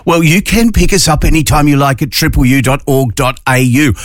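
Chatty Australian radio presenter, dry sound. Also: male voice, on the high side, brisk, no echo. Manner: chatty, jokey, upbeat. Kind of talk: casual radio chat. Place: radio studio.

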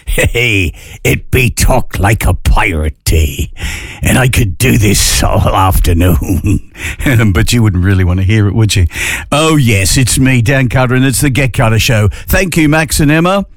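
A man's voice: lowish voice, animated, unhurried, no room sound, clean studio sound. A man hosting a community radio show, playful and self-mocking with chuckling asides. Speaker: radio host. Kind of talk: casual radio banter. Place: radio studio.

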